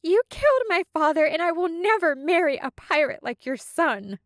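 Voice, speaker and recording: A furious young princess, as a woman narrator puts her on, calling out in high, trembling bursts. Her voice jumps well above the narrator's own low tone. It is recorded dry and close. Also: expressive, normal speed, no echo. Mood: defiant. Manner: high, shrill outbursts.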